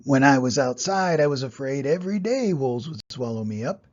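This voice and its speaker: An older man reading aloud and voicing a calm, worldly male duck who speaks in a matter-of-fact way. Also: medium pitch, normal speed, muffled recording, lightly acted.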